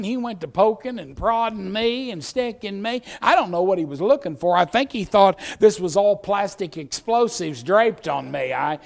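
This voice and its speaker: A middle-aged male pastor preaching a sermon in a church, telling stories and acting out voices, swinging from hushed asides to shouting. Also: sits high. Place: church sanctuary.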